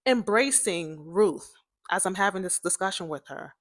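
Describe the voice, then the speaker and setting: Speaking unhurriedly in a fairly bright tone, this woman hosts a podcast and recounts something from her own life. She addresses her listeners directly, performs the dialogue of others, and candidly calls her voice pitchy and cracky.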